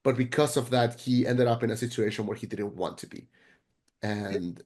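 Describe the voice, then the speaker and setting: A man co-hosting a podcast, chatting casually and excitably about a film, rambling with frequent restarts and casual swearing. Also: medium pitch, moderate pace. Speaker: podcast co-host. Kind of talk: casual film review chat.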